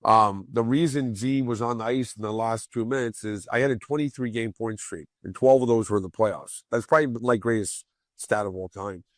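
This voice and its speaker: Profane, animated man telling stories. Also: medium pitch, a little fast, hardly any pauses, no room sound, clean studio sound. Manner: profane, animated, acts out quoted lines loudly. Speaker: interview guest, former hockey player. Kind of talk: casual podcast storytelling.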